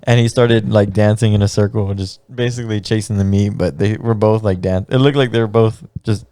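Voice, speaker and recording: A man's voice: fairly low pitch, fairly even intonation, a little fast, warm tone, no room sound. A podcast co-host, a man and mariachi musician, chatting casually, laughing often and rambling through stories with many fillers. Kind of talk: casual chat.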